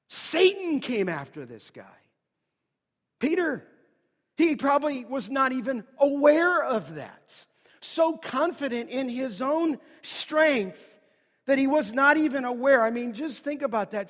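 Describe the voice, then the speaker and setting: A man preaching an earnest, emphatic sermon that builds to loud declarations. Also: extremely high pitch, sing-song, measured pace, long reverb tail. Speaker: pastor.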